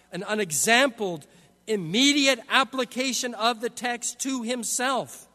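A man delivers an expository sermon in a high, bright voice, pressing his points with emphasis and often restarting phrases. His voice rings out with long reverb from a large hall. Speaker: preacher.

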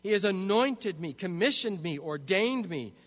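A man's voice: high-pitched, expressive, moderate pace. A man preaching an expository sermon, emphatic, often restarting his phrases. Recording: long hall reverb.

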